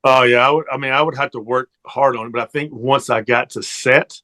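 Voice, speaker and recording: A man's voice: mid-range voice, fairly even intonation, brisk, pushed and bright. A man from Tennessee with a strong Southern accent, telling stories as a guest in a casual interview, rambling with fillers and restarts. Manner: rambling storyteller, many fillers and restarts, laughs easily. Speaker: actor guest.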